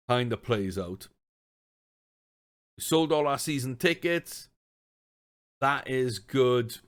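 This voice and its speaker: A man's voice: mid-range voice, fairly bright tone. Chatty man ranting over a game. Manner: chatty, exasperated rants, thinks aloud. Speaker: gaming streamer. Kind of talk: casual let's-play commentary.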